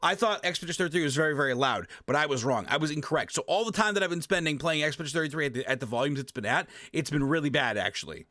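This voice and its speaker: Rapid-fire and with few pauses, a man with a slightly high voice runs through a casual tutorial at his home gaming setup. The audio is dry and studio-clean; he's often turned away from his desk mic, swearing, repeating himself and making animated sound effects emphatically.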